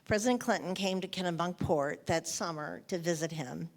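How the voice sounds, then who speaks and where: A woman's voice: lowish voice, normal speed. An older woman in an onstage interview, telling anecdotes in an emotional way and often repeating her phrases. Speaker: interviewed author.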